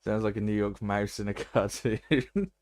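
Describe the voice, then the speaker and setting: A man's voice: lowish voice, measured pace, a little mellow. A man streaming a game, chatting casually and laughing often. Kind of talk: casual gaming commentary.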